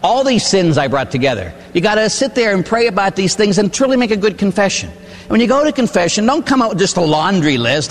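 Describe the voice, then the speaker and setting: An older priest from Pittsburgh, USA, preaches about confession with a high-sitting voice and a fairly quick pace. He tells stories animatedly, acting out quoted voices and ending points with "huh?", in an echoey hall with long reverb.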